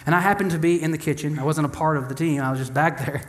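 A young adult man preaching a sermon in an animated, humorous way, acting out the voices of the people he quotes. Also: fairly high pitch, rapid-fire. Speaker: pastor.

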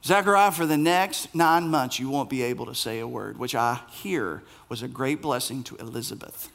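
A man preaching a sermon as pastor, animated and playful, acting out the voices in the story. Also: mid-range voice, moderate pace, creaky, a little hiss or hum.

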